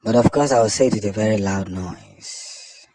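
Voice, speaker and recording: A Nigerian-accented man delivers fervent political commentary in a husky, somewhat low voice. He hammers his points through repetition and swells into loud declarations. The sound is close and dry. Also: moderate pace, no room sound.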